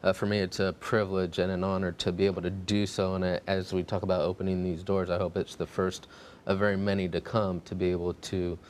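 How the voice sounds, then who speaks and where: Man, mission pilot, flat delivery, faint rumble behind. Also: fairly quick. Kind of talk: TV panel discussion.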